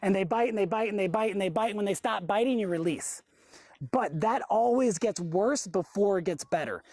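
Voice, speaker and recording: A woman's voice: medium pitch, moderate pace, warm tone, no room sound. A woman dog trainer teaching a group class, chatty, often acting out what the dog thinks. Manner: chatty, acts out the dog's side in dialogue.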